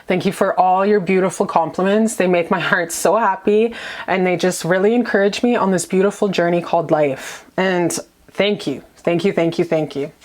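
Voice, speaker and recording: Gushing, foul-mouthed female tarot reader. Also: medium pitch. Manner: gushing, profane and playful, lots of "okay?". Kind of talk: casual tarot reading to camera.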